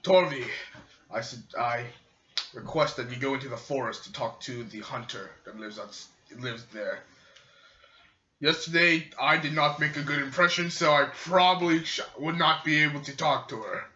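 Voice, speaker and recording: Halting bright-voiced male player. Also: medium pitch, reverberant, dull audio. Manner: halting, restarts mid-sentence. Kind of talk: in-character tabletop role-play.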